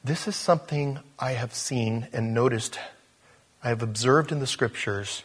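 A man preaching a sermon in a conversational way, growing animated as he reads scripture aloud. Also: medium pitch, measured pace, husky, big-room sound.

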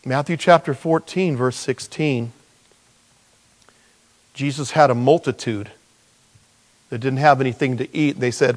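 A middle-aged man preaching a sermon in a conversational storytelling manner, laughing now and then and going soft and low when he voices prayers. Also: measured pace, pauses often. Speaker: pastor.

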